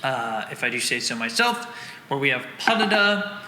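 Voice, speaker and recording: This man's mid-range voice has a sing-song quality and moves at a normal speed, with slight background noise. He teaches drum rhythms by counting and singing the beats, often stopping to correct himself. The instructional breakdown is recorded in an echoey room over loud drumming.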